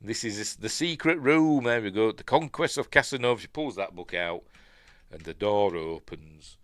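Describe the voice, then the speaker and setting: A middle-aged Yorkshire man talking casually over a film, full of fillers and asides. His voice sits a little low, and the sound is close and dry with no room echo. He slips into quick playful impressions of the characters. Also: animated, a bit bright. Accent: Yorkshire English. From Yorkshire, England. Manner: rambling, chatty, lots of ums and uhs; mimics quoted characters playfully. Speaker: film review host. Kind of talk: casual film watch-along commentary.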